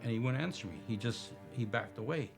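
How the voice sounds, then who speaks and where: A man's voice: medium pitch, expressive, a little fast, creaky, faint music behind. Man retelling a street encounter. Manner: vivid retelling with quoted dialogue. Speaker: bystander recounting an attack. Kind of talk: recounting a story in an interview.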